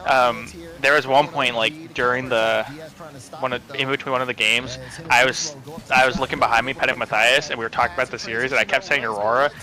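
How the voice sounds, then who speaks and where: A man's voice: mid-range voice, fairly even intonation, a little fast, sharp tone. A man co-hosting a watch party, chatting casually and joking with friends about the match. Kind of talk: casual chat.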